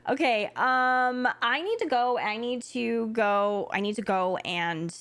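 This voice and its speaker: A woman's voice: a little high, slow pace, a bit bright, smooth. Rambling woman streamer thinking aloud. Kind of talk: casual live-stream chat.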